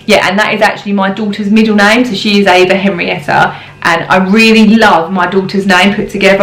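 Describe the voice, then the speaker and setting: Young woman, casual chatty vlog, giggly with lots of ums, mid-pitched voice, echoey room. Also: fairly bright tone. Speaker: parenting vlogger. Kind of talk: casual chat to camera. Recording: roomy echo.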